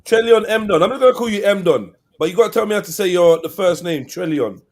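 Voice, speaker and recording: A man, hosting a live stream and chatting casually with slang and shout-outs to viewers. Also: high-pitched, animated, fast. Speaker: livestream host.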